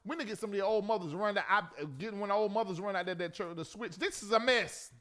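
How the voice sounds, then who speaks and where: Man, live talk show host, high bright voice, preachy and scolding. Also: fast. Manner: preachy, scolding, theatrical with sudden shouts.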